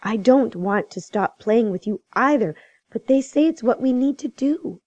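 A woman narrator voicing a calm, earnest seven-year-old boy who soothes his friend. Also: a little high, moderate pace, no room sound, highs cut off. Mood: soothing.

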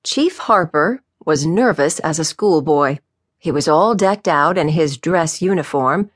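A woman narrating an audiobook in a measured, even way. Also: low-pitched, no room sound, clean studio sound.

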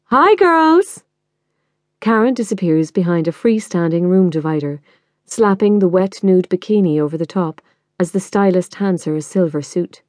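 A woman reading a novel in the first person, measured and intimate. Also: lowish voice, dark tone, no echo, clean studio sound. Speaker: audiobook narrator.

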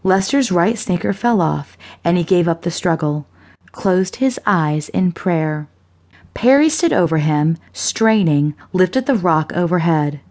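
A woman narrating a suspense thriller audiobook in a measured, unhurried reading. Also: on the low side, expressive, darkish tone.

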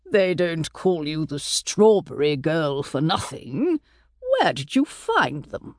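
A woman narrator voicing a courteous middle-aged gentleman painter in an audiobook, with gentle, measured politeness. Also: sits low, sing-song, no room sound, clean studio sound, voice pushed down, heavily acted. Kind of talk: audiobook character voice.

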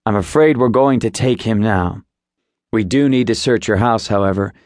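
A male audiobook narrator voicing a measured, politely firm federal agent. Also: on the low side, a little mellow, no room sound, studio quality, natural voice. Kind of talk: audiobook character voice.

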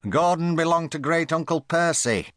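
A man's voice: fairly high pitch, moderate pace, a bit bright, dry recording, clean studio sound, voice pushed up, lightly acted. A man voicing a stern, clipped elderly great-aunt in a children's audiobook. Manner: clipped and disapproving. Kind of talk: audiobook character voice.

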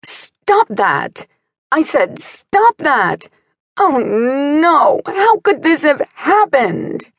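Mujer que hace de una mujer histérica gritando al teléfono. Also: female voice, high voice, sing-song, very slow, no room sound, clean studio sound, pitched above the performer's own voice, exaggerated voice. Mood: frantic. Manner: agitated, yelling. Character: frantic woman yelling on the phone.

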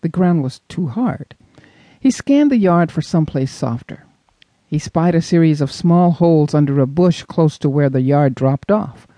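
A man narrating a suspense audiobook in an expressive storytelling manner. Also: fairly high pitch, normal speed, no room sound. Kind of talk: scripted narration.

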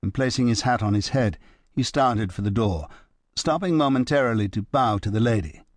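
A man narrating an audiobook in a measured, even manner. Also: medium pitch, no room sound. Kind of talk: scripted narration.

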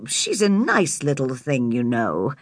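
A woman reading an audiobook, voicing a shy, kindly older farmer who speaks gently and hesitantly. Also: very deep voice, very animated, a little slow, dry recording, studio quality, voice pushed down, full character voice. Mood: gentle, hesitant.

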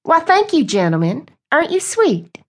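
Woman putting on a sugary gal, flirty and teasing, way up high. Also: wildly swooping pitch, moderate pace. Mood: sweet.

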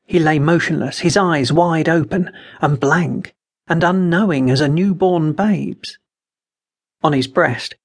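A man narrating an unabridged fantasy audiobook in a measured, dramatic way. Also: a little high, slightly rough.

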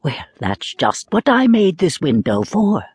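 A woman giving voice to a gentle, lofty wind spirit. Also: sits low, a little slow, breathy edge, dry recording, full character voice. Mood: reproachful. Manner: calm, reasoning, faintly reproachful. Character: gentle, towering female wind spirit, slightly cross. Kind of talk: storybook reading.

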